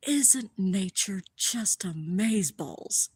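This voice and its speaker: A woman hosting a live stream of a lunar eclipse, explaining the view and gushing with awe, often dropping to a hushed whisper. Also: medium pitch, animated, slow, breathy edge, dry recording. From Columbus, Ohio area. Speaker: livestream host showing a telescope view. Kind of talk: live-streamed stargazing commentary.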